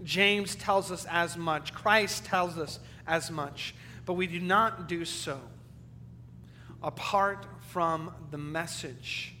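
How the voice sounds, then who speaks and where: A male pastor delivers an earnest sermon in a high, bright voice, moving from ringing emphasis to hushed low passages. The recording carries the long reverb of a church hall. A faint electrical hum sits underneath. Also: slow. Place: church sanctuary.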